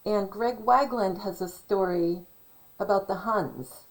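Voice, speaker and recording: A woman talks to her camera in a loose, meandering vlog style at an ordinary middle pitch. She thinks aloud, spells out words letter by letter and circles back on herself. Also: slow, poor audio. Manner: many fillers and restarts, musing. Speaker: channel host. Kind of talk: casual vlog commentary.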